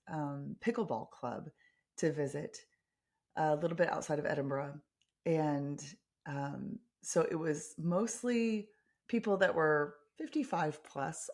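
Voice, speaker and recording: American woman podcaster, low voice, chatty and upbeat, lots of ums. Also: takes it slowly. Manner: chatty, enthusiastic storytelling with frequent ums and restarts. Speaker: podcast host. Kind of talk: casual chat.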